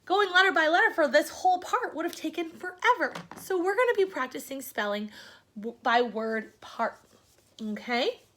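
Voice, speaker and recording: A young woman teacher giving a phonics lesson to children, sounding words out slowly part by part and encouraging them. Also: high-pitched, lively intonation, a bit bright. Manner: slow, sounding out word parts, encouraging.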